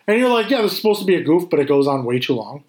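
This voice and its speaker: Casual male talker, fairly high voice, animated and profane. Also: rapid-fire. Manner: animated, swears freely, acts out scenes. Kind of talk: casual chat.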